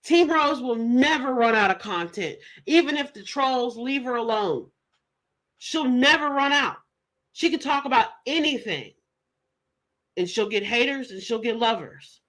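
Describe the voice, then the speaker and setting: A woman streamer talks in a slow, drawn-out, sassy way, teasing as she comments. Her voice is bright and swoops up and down a lot. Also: a little high, animated, rough recording. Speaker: livestream commentator. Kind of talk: casual commentary.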